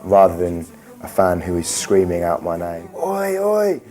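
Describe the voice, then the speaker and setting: A man's voice: low-pitched, monotone, moderate pace, warm tone. A young man in a pop band, talking earnestly and rambling in an interview. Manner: earnest, rambling, many restarts. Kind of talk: interview talk. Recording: music playing behind. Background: faint music.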